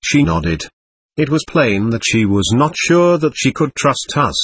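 A man reading a story aloud in the first person, with a gentle, expressive telling. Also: medium pitch, a little slow, slightly rough, no echo. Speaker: narrator.

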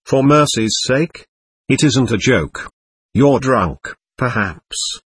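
A man's voice: medium pitch, expressive, takes it slowly, breathy edge, dry recording, heavily acted. A man reading a frantic pleading young lieutenant. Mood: desperate. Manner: breathless, pleading, agitated. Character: desperate young male army lieutenant, frantic.

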